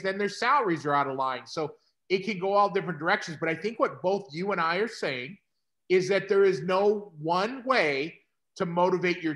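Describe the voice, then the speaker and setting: A middle-aged man hosting a casual conversation, talking to doctors in an energetic, coaching way. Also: sits high. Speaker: host and practice consultant.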